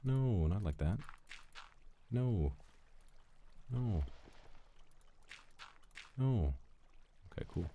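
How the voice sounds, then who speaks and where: A man's voice: on the low side, animated, drawn-out words, long pauses, phone-quality sound, slight background noise. A male streamer chatting casually during a game, playful and flirty as he thanks donors. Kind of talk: casual gaming stream chat.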